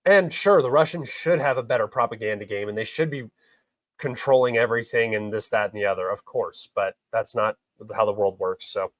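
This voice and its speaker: Heated live-stream commentary comes from a young male host who reads chat questions and fires back blunt, argumentative answers, occasionally swearing. The voice is lowish and brisk, in a rough recording with no echo.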